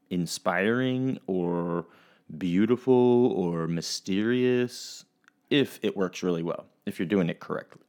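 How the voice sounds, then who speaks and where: A man's voice: on the low side, a little mellow. A young man teaching children a recorded lesson, friendly and rambling, with restarts and fillers. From Oregon, US.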